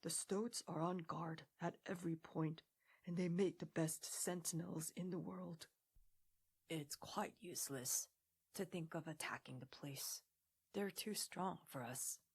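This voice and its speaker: A woman voicing a stern, wise old male badger who speaks severely and quietly. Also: fairly low pitch, slightly rough, full character voice. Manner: severe, measured, hushed.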